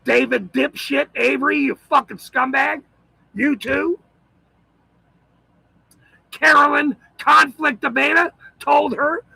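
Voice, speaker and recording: A man in a profane, shouting monologue, ranting as the host of his own channel. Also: extremely high pitch, takes it slowly, gravelly, dry recording, low-quality recording. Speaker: citizen auditor channel host.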